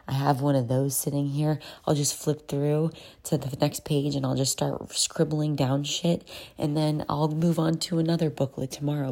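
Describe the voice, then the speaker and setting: Very deep-voiced woman with a gravelly edge. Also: mellow. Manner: chatty, profane, slips into whispers. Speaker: vlogger. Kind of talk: casual self-help voice note. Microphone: phone voice note.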